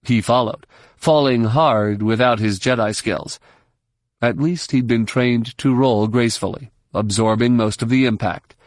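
A man narrating an audiobook in a steady, measured way. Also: medium pitch, dry recording, clean studio sound. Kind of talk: scripted narration.

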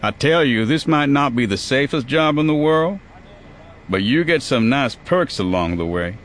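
A man's voice: mid-range voice, lively intonation, normal speed, fairly bright tone, slight background noise, pitched above the performer's own voice, natural voice. A man reading a story, voicing a bored, chatty prison guard with a folksy manner. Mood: boastful. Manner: folksy and gabby.

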